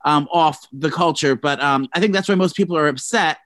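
Loud gossipy podcast cohost, cusses a lot, dry close sound. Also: fairly quick, dry recording. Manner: animated and profane, with sudden jumps up in pitch. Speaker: podcast co-host. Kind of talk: casual gossip chat.

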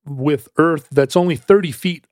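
A man's voice: a little high, a little slow, darkish tone, no echo, clean studio sound, faint music behind. A man co-hosting a podcast, telling a history story in a casual, rambling way with many restarts and fillers. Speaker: podcast co-host explaining history. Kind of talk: casual conversational explanation.

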